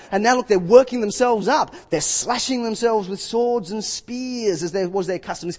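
A man preaching a sermon, retelling scripture with lively acted-out quotes. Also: sits high, normal speed, hardly any pauses, in a large hall.

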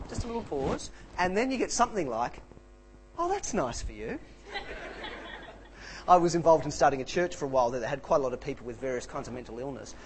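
A middle-aged Australian man preaching at an evangelistic talk, with a fairly high voice that leaps up and down as he tells stories. He acts out the people in his anecdotes with a storyteller's flair. Faint noise sits under his voice. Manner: animated storyteller, acting out quoted voices.

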